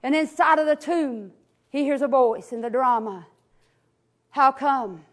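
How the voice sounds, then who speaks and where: Woman preacher with a very high voice, fervent and repetitive, storytelling sermon. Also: normal speed. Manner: fervent, repetitive invocations, rising to hollering in retold scenes. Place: church.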